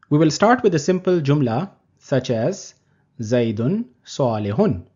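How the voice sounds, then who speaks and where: A man teaching Arabic grammar in a recorded lecture, explaining terms slowly and deliberately. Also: mid-range voice, warm tone. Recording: dull lo-fi recording.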